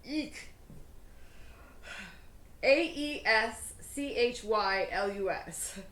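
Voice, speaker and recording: A woman's voice: a little high, expressive, takes it slowly, fairly bright tone, roomy sound, rough recording. A woman hosting her own cooking show, chatting casually in a bubbly, self-deprecating way with lots of fillers. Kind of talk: casual cooking vlog chat.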